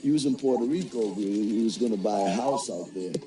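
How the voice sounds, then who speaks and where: A man's voice: on the low side, fairly quick. A middle-aged man telling a personal story for a documentary in a candid, profane and darkly humorous way. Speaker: interviewee. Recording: roomy, from a distance, faint music.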